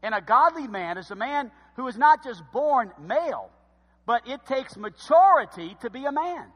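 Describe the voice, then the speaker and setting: Man, pastor; impassioned sermon delivery, high-pitched, reverberant sanctuary sound. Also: very animated, moderate pace. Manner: fervent preaching with swings from loud shouts to low emphasis.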